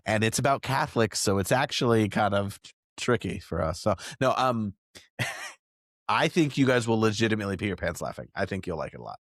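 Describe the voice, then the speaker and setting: A man's voice: on the low side, big pitch swings, brisk, fairly bright tone, no echo, clean studio sound. A man co-hosting a podcast, talking in a chatty, jokey way. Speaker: podcast co-host. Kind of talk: casual chat.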